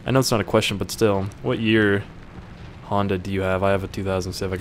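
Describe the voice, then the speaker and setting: Low-voiced young man reading viewer questions. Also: level tone, a little fast, slight background noise. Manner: joking, offhand, swears casually. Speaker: YouTuber answering viewer questions. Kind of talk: casual Q&A, reading questions aloud.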